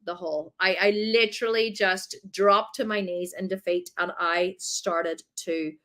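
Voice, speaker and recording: A woman, telling a personal story in a chatty, animated way during a masterclass talk. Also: fairly low pitch, a little slow. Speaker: coach.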